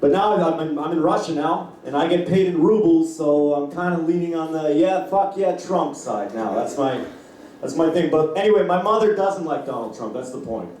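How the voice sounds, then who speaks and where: A man from Canada performing stand-up, with a mellow voice and loose crowd-work banter that slips into acted voices. His mic sounds very echoey and distant in the club. A faint hum sits underneath. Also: on the high side, expressive, brisk. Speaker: stand-up comedian. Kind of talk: stand-up comedy set. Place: comedy club.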